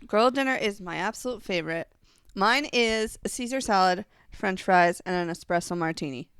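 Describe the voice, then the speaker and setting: A woman's voice: mid-range voice, a bit bright, clean tone, dry recording. Young woman on a podcast, eager, always chiming in, mid voice, dry close mic. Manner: enthusiastic, agreeable, quick back-channel replies. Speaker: podcast co-host. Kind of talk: casual chat.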